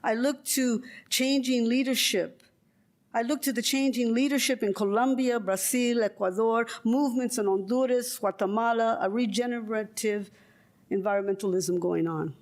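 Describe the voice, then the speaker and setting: A woman's voice: fairly high pitch, darkish tone. Older woman giving a rhetorical lecture. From California. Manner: rhetorical, measured delivery broken by wry joking asides. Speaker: guest lecturer. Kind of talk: reading a prepared lecture with spontaneous asides.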